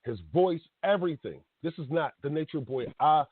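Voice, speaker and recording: A man's voice: a little high, brisk, no echo. A man in his late thirties hosting a casual talk radio show, ranting bluntly and passionately with slang. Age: 30s. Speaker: podcast host. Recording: tinny phone-like sound.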